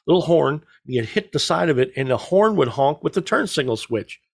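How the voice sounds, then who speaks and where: A man's voice: on the high side, normal speed, gravelly, no room sound. Rambling middle-aged man, dry close sound. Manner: rambling storyteller, joking deadpan. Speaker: podcast co-host. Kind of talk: casual chat.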